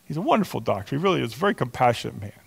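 A man in his sixties, a pastor preaching a sermon, animated and chatty, telling stories with many restarts and asides. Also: mid-range voice, very fast, creaky, slightly rough, big-room sound. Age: 60s.

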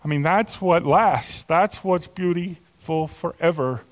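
Older pastor preaching in an echoing hall. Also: male voice, on the high side, slow pace. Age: 60s. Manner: animated, storytelling with asides and restarts. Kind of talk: sermon.

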